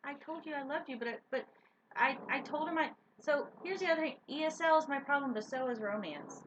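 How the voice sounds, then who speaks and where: A woman co-hosting a casual stream chat, telling stories in an animated way and laughing often. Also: sits high, brisk. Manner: giggly, animated storyteller. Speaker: co-host. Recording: dull lo-fi stream audio with faint hiss.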